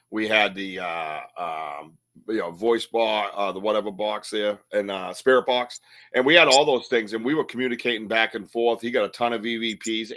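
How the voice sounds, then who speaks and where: A man hosting a podcast, chatting casually and excitedly, laughing often and acting out what people said. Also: medium pitch. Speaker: podcast host. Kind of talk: casual chat.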